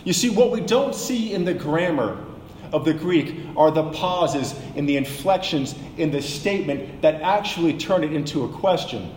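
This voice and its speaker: A man teaching a sermon, measured and explanatory, slowing down for emphasis. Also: fairly high pitch, animated, a little mellow, reverberant, in a large hall, slight background noise, poor audio. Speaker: preacher.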